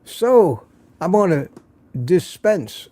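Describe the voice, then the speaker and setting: A man's voice: high voice, very animated, slow, dark tone, no room sound. A man hosting a casual evening livestream, chatting and greeting viewers by name with small jokes. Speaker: livestream host.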